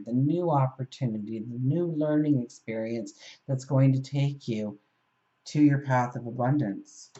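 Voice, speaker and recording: Mellow-voiced woman telling a tarot story. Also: very deep voice, lo-fi sound. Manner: storytelling, gently encouraging. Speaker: tarot reader. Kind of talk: spoken tarot reading with storytelling.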